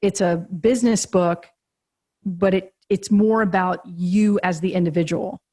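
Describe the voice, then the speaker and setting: Her voice sits on the low side, dark and steady, and she doesn't rush. As a podcast guest on a remote call, this author and agency co-founder tells a lively story, laughing a lot and acting out the conversations she describes.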